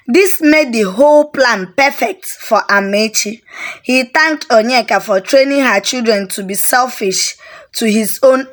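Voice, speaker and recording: A woman tells a story at a slow, deliberate pace. Her voice is steady, unhurried and a little higher than most. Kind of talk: storytelling narration.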